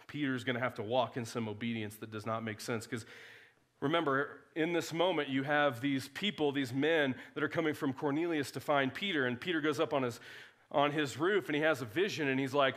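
A man preaching a sermon as a pastor, telling Bible stories with animated acted-out dialogue. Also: medium pitch, a little fast. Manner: animated storytelling, acts out biblical dialogue.

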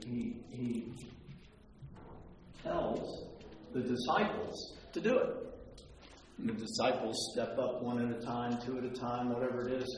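A man preaching a sermon, retelling a story with animated energy and switching into other voices for the quotes. His voice rings through a large, echoey hall with a long reverb tail, caught by a distant mic with a faint hum of ambience. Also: medium pitch.

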